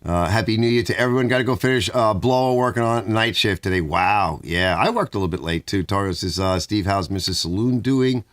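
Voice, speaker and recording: A man's voice: on the low side, fairly quick, few pauses, a bit bright, no room sound. A middle-aged man hosting a casual livestream from his garage, reading viewer comments aloud and chatting. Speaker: livestream host reading chat. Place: home garage.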